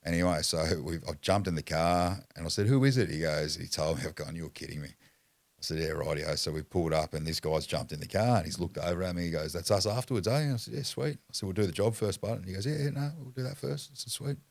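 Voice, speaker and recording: A middle-aged Australian man with a very low voice tells hard stories in plain, blunt words, swearing freely and laughing now and then. His voice sits close and dry on a podcast mic. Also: fast, vocal fry, no room sound. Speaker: podcast guest. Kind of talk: casual storytelling.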